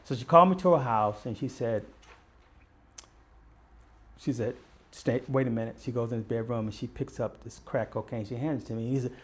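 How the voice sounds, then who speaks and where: Speaking at a moderate pace with long pauses, a medium-pitched older man recounts stories. He's a retired Baltimore police detective appearing as a guest, bringing the quoted dialogue to life as he goes.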